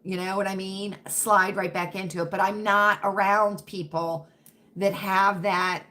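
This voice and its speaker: A woman from Virginia with a faint Southern accent, hosting a casual livestream and chatting with her viewers. Her voice is bright and forward, and she talks in an unhurried, drawn-out way. She keeps checking in with "right?" as she goes. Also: medium pitch, flat delivery. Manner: chatty, keeps asking viewers "right?" and "you know what I mean?". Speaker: livestream host reading chat.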